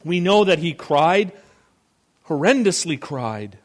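A man delivers a sermon as a pastor, his voice sitting a little high for a man. He drops to near-quiet on tender lines and rises with force on pointed ones. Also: sing-song, slow pace. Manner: preaching with swings between hushed and emphatic delivery.

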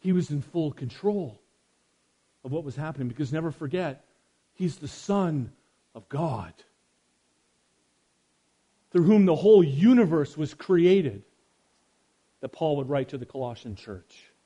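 A man preaching a sermon, swinging from loud emphasis to hushed quiet and speaking straight to his listeners. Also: on the high side, animated, measured pace, long pauses, husky. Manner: addresses listeners directly.

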